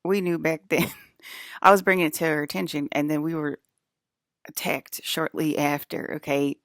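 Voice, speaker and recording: A woman's voice: deep voice, fairly even intonation, moderate pace, no echo, studio quality. A young woman streaming to her chat, rambling casually, giggling often and restarting her sentences with lots of fillers. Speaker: livestreamer talking to chat.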